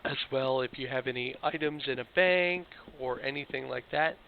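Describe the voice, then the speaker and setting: A slightly hoarse man giving casual gameplay walkthrough commentary, explaining things loosely and speaking straight to his viewers. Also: medium pitch, normal speed. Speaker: video game walkthrough host. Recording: tinny phone-like mic with faint hiss.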